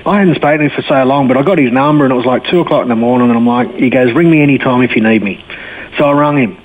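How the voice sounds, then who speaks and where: A man's voice: medium pitch, rapid-fire. A middle-aged man with an Australian accent, telling his personal story as an interview guest in a candid, colloquial way. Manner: candid and colloquial, animated when retelling dialogue. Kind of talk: personal testimony in a radio interview. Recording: tinny phone line with faint noise.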